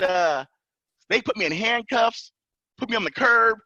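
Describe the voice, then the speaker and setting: A man's voice: sits high, moderate pace, long pauses, dry recording. A man telling a personal story in casual chat as a podcast guest, acting out other people's lines with a raised voice. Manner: animated, acts out officers' lines in raised voice. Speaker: podcast guest, pilot and entrepreneur. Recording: dull lo-fi dry sound.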